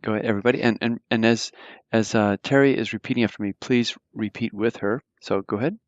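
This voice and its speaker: A man's voice: on the low side, fairly even intonation, fast, dry recording, highs cut off. A man teaching a German grammar lesson, explaining patiently with lots of fillers and restarts. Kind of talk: live online grammar lesson.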